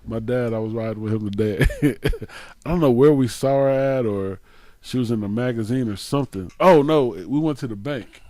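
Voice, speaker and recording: A man's voice: medium pitch, moderate pace, dry recording. Storytelling young man, dry sound. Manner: storytelling, acts out quotes loudly. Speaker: co-host. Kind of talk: casual chat.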